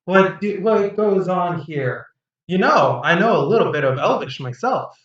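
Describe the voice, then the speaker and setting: A man's voice: high voice, lively intonation, measured pace, fairly bright tone, heavy reverb, far from the mic, muffled recording, voice pushed up. A man voicing a boastful, hearty male ship captain in an amateur tabletop game, bragging and jolly.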